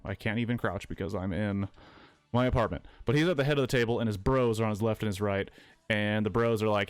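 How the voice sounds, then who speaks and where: A man's voice: fairly low pitch, fast talker, clean tone, no room sound. A man casually retelling a film for laughs while he plays a video game at home, rambling, swearing and correcting himself as he goes. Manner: profane, rambling, corrects himself mid-sentence. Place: his apartment.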